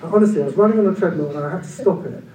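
A man around forty, preaching a sermon in an animated, conversational way with humorous asides. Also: rapid-fire, crowd noise. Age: about 40. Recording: echoey room from far off, low-quality.

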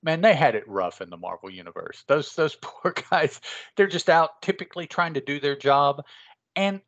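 A man's voice: a little high, expressive, normal speed, fairly bright tone, lo-fi sound. A man co-hosting a casual comics podcast, who talks in a rambling way with many restarts. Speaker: podcast co-host.

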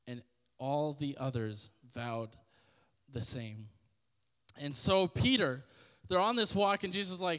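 A man's voice: measured pace, fairly bright tone. Casual preaching man, roomy reverb. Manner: conversational, acts out quotes with shifting pitch. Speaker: podcast host preaching. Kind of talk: casual sermon.

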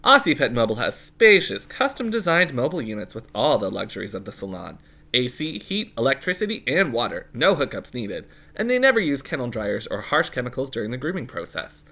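A man co-hosts a casual chat, cracking quick jokes and then reading ad copy. His voice is bright and animated, moving widely in pitch. He keeps a playful, easygoing manner throughout. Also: gravelly. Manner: playful, jokey interjections. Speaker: podcast co-host.

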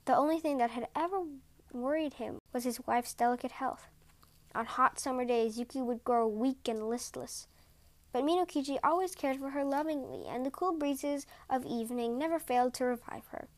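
A woman podcast host reading folk tales aloud in a gentle, measured way. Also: high voice. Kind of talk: storybook reading.

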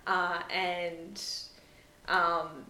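A woman's voice: lowish voice, level tone, drawn-out words, bright, forceful tone, slight background noise. Rambling woman podcaster, echoey room. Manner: rambling, heavy use of "like" and "sort of". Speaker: podcast host. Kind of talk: casual chat recapping a TV episode. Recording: roomy echo.

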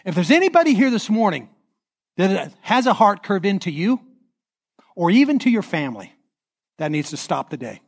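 High-voiced animated male preacher. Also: normal speed, gravelly, pauses often. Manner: leads the congregation in call-and-response. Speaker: pastor. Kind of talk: sermon. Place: church sanctuary.

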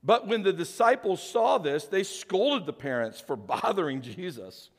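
An older man preaching a sermon, telling animated stories and acting out the voices in them. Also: high voice, a little slow. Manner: animated storytelling, acts out voices. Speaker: pastor. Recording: long church hall reverb.

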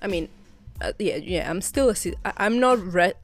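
A woman's voice: mid-range voice, lively intonation, moderate pace, soft background music. A young woman from Italy hosting her own podcast, chatting casually in a rambling way with many restarts and little laughs. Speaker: podcast host. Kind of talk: casual solo podcast chat.

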